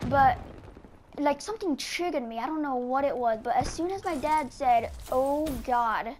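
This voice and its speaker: High-voiced rambling woman telling a story. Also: normal speed, darkish tone, slight background noise. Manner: rambling, heavy on filler words. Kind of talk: casual storytelling over gameplay.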